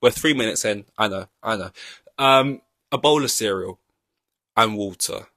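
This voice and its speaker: A young man talks on his podcast in a low, easy voice, wandering through long-winded comparisons and joking at his own expense. The sound is dry and close, with no room around it. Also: normal speed, bright, forceful tone, no echo. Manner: rambling, long-winded, self-mocking. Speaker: podcast host. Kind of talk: casual chat.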